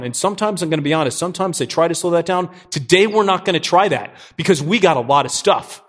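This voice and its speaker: A middle-aged man preaching a sermon as pastor, energetic and joking, often asking his listeners questions. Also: on the high side, quick pace.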